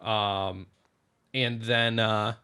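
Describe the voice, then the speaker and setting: A man's voice: on the low side, little pitch movement, extremely slow, sharp tone, clean tone. A man co-hosting a casual podcast chat, reading out trivia with small stumbles. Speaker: podcast co-host.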